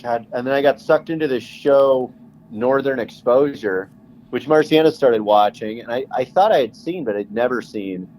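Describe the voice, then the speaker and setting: A man's voice: mid-range voice, normal speed, slight background noise, low-quality recording. A man co-hosting a podcast, chatting casually and telling stories with lots of energy and easy swearing. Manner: animated storyteller, swearing casually. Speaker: podcast co-host. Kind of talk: casual chat.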